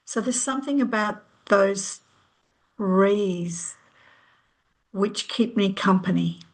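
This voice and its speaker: A woman's voice: medium pitch, slow pace. A middle-aged woman, a healer, sharing reflectively on a video call in a hesitant way with many ums. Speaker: healer, workshop participant. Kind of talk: casual sharing.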